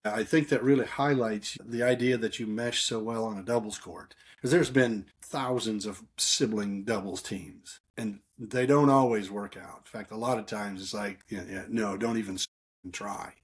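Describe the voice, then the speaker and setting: A man's voice: fairly low pitch, normal speed, few pauses, husky. A middle-aged man, a father and coach, talking in an easygoing, reflective way. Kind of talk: casual chat.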